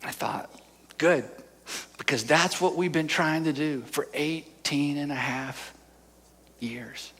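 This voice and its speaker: A man's voice: on the high side, measured pace, a bit bright. A middle-aged male pastor giving a heartfelt sermon, telling stories with earnest repetition and growing emotional at moments. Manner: earnest, storytelling, repeats "I'm telling you". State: emotional, choked up at times.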